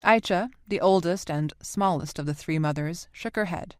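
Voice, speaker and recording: Woman reading an audiobook, lowish voice, dry close sound. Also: normal speed, darkish tone, dry recording. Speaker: audiobook narrator. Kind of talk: audiobook narration.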